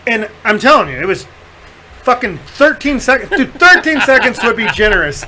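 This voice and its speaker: A man hosting a podcast, telling a story in casual chat, animated and profane, often laughing as he talks. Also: very high voice, a little fast, slight background noise, low-quality recording. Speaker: podcast host.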